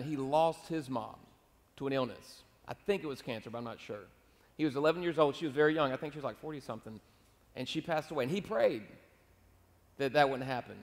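A man delivers a sermon in a relaxed, conversational way. He tells stories and acts out dialogue with God. His voice sits a little high for a man, and it rings out with the long reverb of a large church hall. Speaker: pastor.

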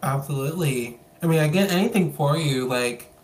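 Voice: medium pitch, moderate pace, a little mellow. A podcast host interviewing a guest over a call, playful and effusive, cracking jokes and gushing.

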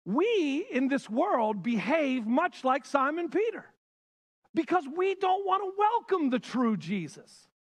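A male pastor preaching a sermon with passion, swinging between loud bursts and hushed lines. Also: very high-pitched.

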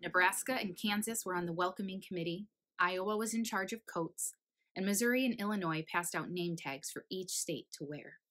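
A woman reading a children's picture book aloud, animated and playful, with hushed asides. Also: lowish voice, normal speed, rough recording. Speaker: storybook reader.

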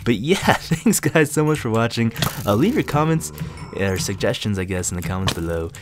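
A man's voice: on the low side, sing-song, normal speed, background noise. Giggly guy doing let's play commentary, bouncy voice, keyboard clicking in the back. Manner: playful, giggly, talks to game characters. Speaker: gaming channel host.

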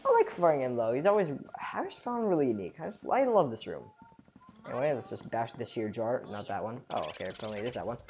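Excitable female let's play host, rambling and chatty, very deep, lively pitch. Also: fairly quick, soft background music. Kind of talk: gameplay commentary.

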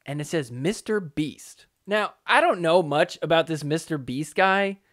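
A man's voice: on the high side, lively intonation, measured pace, fairly bright tone. A man hosting a solo pickleball commentary podcast, talking casually and joking around. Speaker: podcast host.

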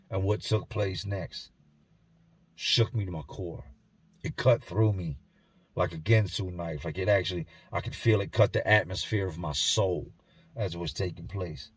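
A man telling a grim first-person story in a somber, intense way, often dropping to a hush, recorded indoors at home. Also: low-pitched, breathy edge. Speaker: storyteller and channel host.

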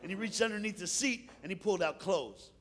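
A preacher telling a funny story in a sermon, playful, laughing often and animated. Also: male voice, sits high, brisk.

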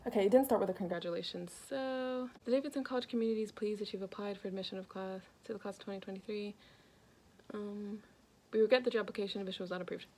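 A woman's voice: mid-range voice, quick pace, dark tone. Chatty young woman vlogging. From North Carolina, US. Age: young adult. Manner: chatty, lots of "like" fillers. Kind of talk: casual vlog reaction.

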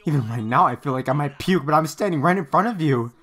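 A man voicing a stubborn, devoted young man in an anime dub, impassioned and shouting at times, with a lively voice. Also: a little high, fast talker.

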